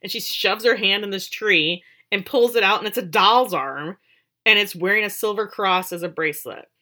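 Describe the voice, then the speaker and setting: A woman talks through a TV episode like she's catching up a friend, full of "like" and sly jokes. Her voice is bright and forward at an ordinary middle pitch. She sounds relaxed and informal. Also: moderate pace. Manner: chatty, wry asides, lots of "like". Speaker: podcast co-host. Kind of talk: casual TV recap chat.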